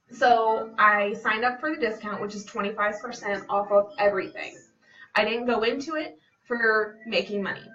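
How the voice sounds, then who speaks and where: A woman's voice: on the high side, pushed and bright, slight background noise. Earnest woman coach, dull distant sound. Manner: earnest, personal and conversational. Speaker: fitness business coach. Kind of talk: casual talk to camera. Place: home. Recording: dull, slightly distant home recording.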